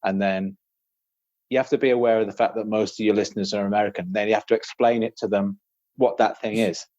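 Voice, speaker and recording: A man's voice: on the low side, steady tone, quick pace, darkish tone, dry recording. A British man, a guest author, chatting casually on a podcast in a rambling, self-deprecating way and laughing often. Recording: slightly dull, lo-fi sound.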